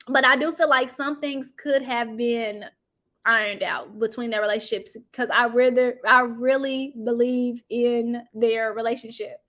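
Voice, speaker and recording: A woman hosting a casual reality-TV gossip chat, animated and chatty, talking straight to her viewers. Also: a little high, unhurried. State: sniffling from allergies. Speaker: YouTube commentary host.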